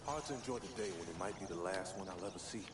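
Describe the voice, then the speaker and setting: A man's voice: low-pitched, expressive, racing. An actor playing a gloomy adult male villager in a video game, heard as distant game audio with heavy noise. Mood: somber.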